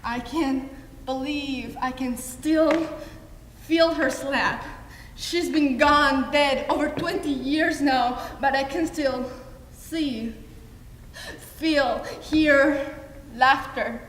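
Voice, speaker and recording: Teen girl, high bright voice, slow, intense solo monologue, echoey hall. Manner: intense, halting, emotional delivery. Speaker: student performer. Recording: echoey hall, faint ambience.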